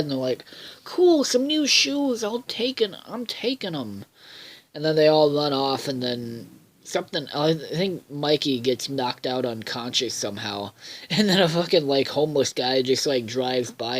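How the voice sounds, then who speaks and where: A tired man at a mid pitch rambles through a cartoon recap. He swears freely, leans on fillers, and keeps losing his thread. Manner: profane, filler-heavy, loses his train of thought. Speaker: cartoon episode reviewer.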